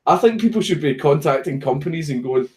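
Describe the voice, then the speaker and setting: A man's voice: a little high, expressive, a little fast, poor audio. A Scottish man casually chatting on a home live stream, reading viewer messages, swearing and joking while a puppy distracts him.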